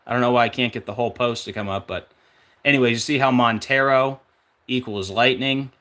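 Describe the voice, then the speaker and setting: A man's voice: medium pitch, fairly quick, sharp tone. Rambling man listing number links. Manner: off-track, searching aloud with fillers. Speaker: numerology video host. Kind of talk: casual rambling monologue.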